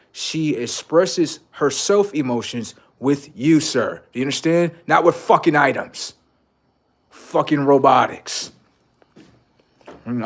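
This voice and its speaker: A man livestreaming blunt, profane relationship advice, lecturing viewers as "sir" and swinging between loud outbursts and low mutters. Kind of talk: casual livestream monologue.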